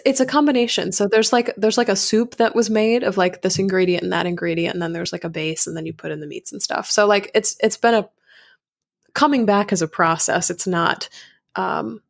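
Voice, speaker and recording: Gravelly-voiced woman telling a story frankly. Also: mid-range voice. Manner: frank and animated, many fillers. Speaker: podcast guest. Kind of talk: candid conversational storytelling.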